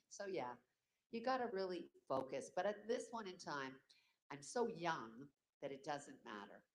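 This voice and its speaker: Older voice actor, convention Q&A, lively and playful, drops into bits of character voices. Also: mid-range voice, unhurried. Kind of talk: casual panel Q&A. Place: convention panel room.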